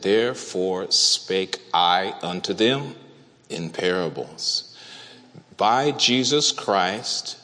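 A man preaching a sermon to a congregation, speaking deliberately and asking them questions. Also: deep voice, bright, forceful tone. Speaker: pastor. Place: church hall. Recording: reverberant church hall.

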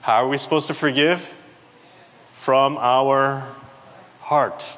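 A man's voice: medium pitch, slow pace. Man preaching in a reverberant church hall. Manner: animated, asks the congregation questions. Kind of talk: sermon.

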